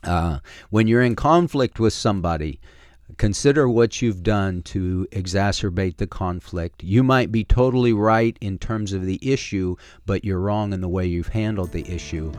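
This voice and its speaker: A man's voice: fairly low pitch, normal speed, darkish tone, dry recording, studio quality. A middle-aged man hosting a talk radio show as a pastor, speaking earnestly in a folksy way with plenty of filler words. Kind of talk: casual talk radio with preaching. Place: radio studio.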